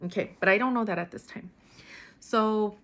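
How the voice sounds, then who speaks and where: A woman's voice: mid-range voice, normal speed, a bit bright. A young adult woman telling a personal story in a casual, candid way, full of fillers and restarts.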